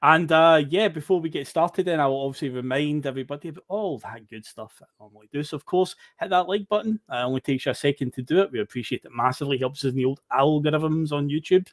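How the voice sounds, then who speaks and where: A man's voice: a little high, fast talker, few pauses, dry recording, studio quality. Upbeat Scottish man hosting a podcast. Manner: chatty, upbeat, laughs often. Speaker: podcast host. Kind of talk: casual football podcast chat.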